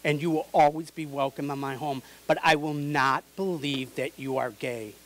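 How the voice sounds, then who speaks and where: A woman's voice: sits low, fairly even intonation, moderate pace, lightly acted, poor audio. A man voicing his older mother, loving but in denial, insistent and pleading. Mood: firm denial.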